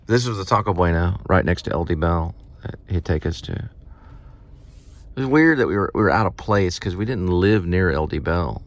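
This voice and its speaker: A man's voice: deep voice, expressive, moderate pace, a little hiss or hum. A man talking in a rambling, meandering way while driving around, reminiscing as he goes. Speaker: vlogger.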